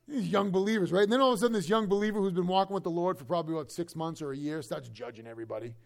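A man preaching a sermon in a conversational, animated way, slipping into quick acted asides. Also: high voice, vocal fry.

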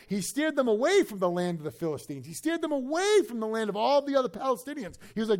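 Lively, high-voiced male preacher. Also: quick pace, few pauses. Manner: conversational, animated preaching with acted asides. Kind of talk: sermon.

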